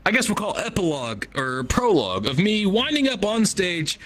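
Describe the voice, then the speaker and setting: A man's voice: high-pitched, very animated, moderate pace, a bit bright. A man telling a crude, profane story as a stand-up comedian, from the Midwest United States.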